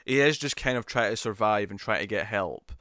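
A man co-hosting a podcast, discussing a film casually in halting speech with repeated words and laughs between points. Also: fairly low pitch, expressive, pushed and bright, dry recording, studio quality. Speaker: podcast co-host.

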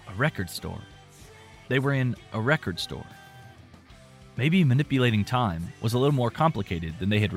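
A man narrating an audiobook in a relaxed, reflective storytelling manner. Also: on the low side.

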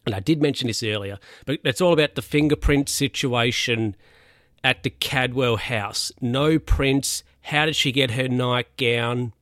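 A man's voice: medium pitch, measured pace, fairly bright tone, no room sound, clean studio sound. A man casually recapping a TV episode, rambling, with lots of fillers and restarts. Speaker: podcast host recapping a TV episode. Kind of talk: casual chat.

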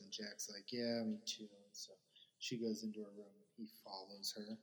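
A man's voice: lowish voice, level tone, unhurried, in a large hall. A man co-hosting a podcast, retelling a sitcom episode in casual chat and acting out the characters' lines. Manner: rambling retelling with acted-out quotes. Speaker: podcast co-host.

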